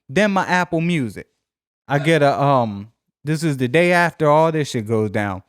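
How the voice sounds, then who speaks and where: A young man spins an animated, profane story on a podcast, slipping into voices for everyone he talks about. His voice runs slightly high and sounds smooth and resonant. The recording is close and dry. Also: a little slow, dry recording. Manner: animated, profane, acts out both sides of conversations. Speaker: podcast co-host. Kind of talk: casual storytelling chat.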